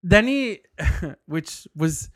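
A man's voice: on the high side, lively intonation, very slow, no echo, clean studio sound. A man co-hosting a podcast, telling a rambling story with lots of laughs and restarts. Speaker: podcast co-host. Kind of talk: casual chat. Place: indoor recording studio.

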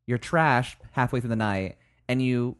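A man's voice: mid-range voice, a little slow, smooth. A man co-hosting a podcast in casual chat, making dry, sarcastic, teasing remarks. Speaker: podcast co-host.

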